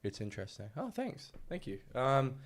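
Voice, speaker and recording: Animated man telling stories with wide pitch swings. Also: normal speed. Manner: animated, acts out quoted voices, laughs and swears often. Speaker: podcast co-host. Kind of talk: casual storytelling chat.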